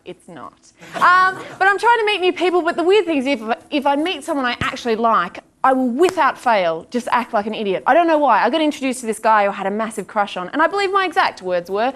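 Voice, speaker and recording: Young female stand-up, a touch high-pitched, self-deprecating, live crowd and room noise behind. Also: very animated. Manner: self-deprecating, quick asides, acted-out quotes. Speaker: stand-up comic. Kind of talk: stand-up comedy set. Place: comedy stage before live audience.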